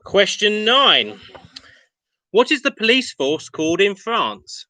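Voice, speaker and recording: A man's voice: high voice, sing-song, takes it slowly, bright, forceful tone, no echo, low-quality recording. A man hosting an online pub quiz, reading questions and answers with chatty, self-mocking asides. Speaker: quiz host.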